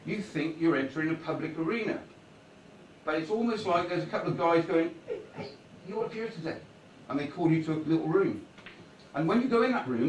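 A man's voice: a little high, recorded from a distance, a little hiss or hum. A man giving a rambling, conversational public talk to an audience in a meeting hall, often checking in with "right?". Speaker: guest speaker. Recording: echoey hall recorded from afar.

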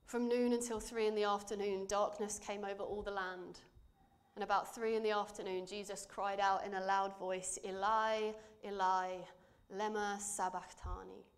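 A woman's voice: medium pitch, level tone. Earnest woman preaching a sermon. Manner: measured, earnest, dropping to quiet emphasis. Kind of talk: sermon with scripture reading. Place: church.

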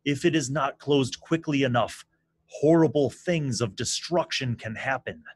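A man's voice: medium pitch, unhurried, husky, voice pushed up. A man voicing a proud captive king who speaks formally and insists urgently. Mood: urgent pleading. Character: captive scheming male king, proud, pleading.

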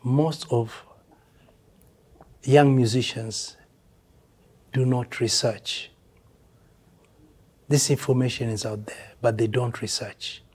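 A man's voice: mid-range voice, steady tone, slow pace, long pauses, a little mellow, husky. An older man with a Kenyan accent, a veteran musician speaking bluntly and emphatically in a casual interview, dropping in Swahili phrases.

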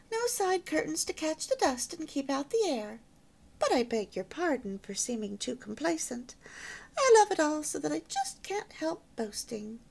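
Woman playing a young newlywed housewife, chatty, eager, lively pitch, slightly gravelly. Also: exaggerated voice. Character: cheerful young newlywed housewife, proud homemaker.

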